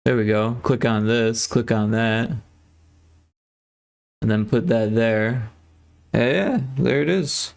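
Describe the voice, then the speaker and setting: A man's voice: mid-range voice, slow pace, gravelly, pauses often, smooth. A man streaming his game development, chatting casually and thinking aloud with lots of fillers. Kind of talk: casual livestream chat.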